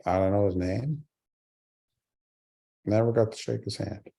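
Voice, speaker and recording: A man's voice: lowish voice, measured pace, creaky, mellow. A man in his forties giving a speech, telling a personal story with earnest humor. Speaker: keynote speaker.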